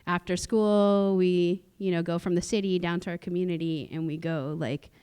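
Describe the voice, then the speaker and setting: At normal speed and with fairly even intonation, a woman on the low side of the pitch range speaks in a mellow, clean tone. She is a Musqueam guest speaker from Canada at a cultural sharing, telling personal stories in casual chat on a theatre stage, often laughing and restarting, with many fillers.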